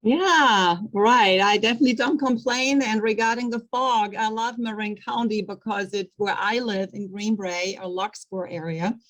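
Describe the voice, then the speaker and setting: A woman's voice: medium pitch, moderate pace, hardly any pauses, fairly bright tone, rough recording. A woman from Germany, hosting an interview in an enthusiastic, encouraging way. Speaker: interview host. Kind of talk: conversational interview.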